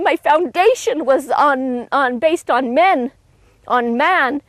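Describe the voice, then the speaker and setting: A woman's voice: expressive, slow, no room sound. A woman giving an earnest, emotional personal testimony, telling her story with frequent restarts. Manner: acts out quoted voices with raised pitch.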